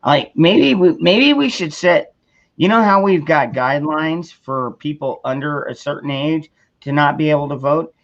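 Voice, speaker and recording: A man's voice: fairly high pitch, lively intonation, moderate pace. Middle-aged guy hosting a stream, rambles and restarts a lot, muffled lo-fi sound. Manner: rambling, frequent restarts and fillers. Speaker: livestream host. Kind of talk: casual political chat. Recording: dull lo-fi sound.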